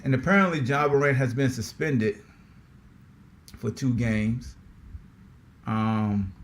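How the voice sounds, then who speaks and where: A man hosting a sports podcast in a casual, slangy, animated way, often repeating himself. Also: mid-range voice, slow pace, slight background noise. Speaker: podcast host.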